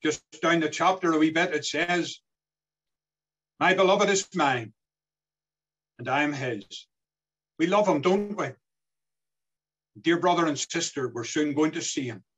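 Preacher guy, husky, bright and a bit high, earnest sermon delivery. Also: expressive, unhurried, long pauses, low-quality recording. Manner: earnest, swelling and dropping as he quotes scripture.

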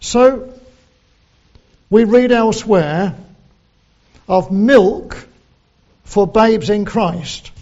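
Male preacher, sermon, high voice, slow deliberate delivery, dull lo-fi sound. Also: darkish tone. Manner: slow, deliberate, quoting scripture in old English.

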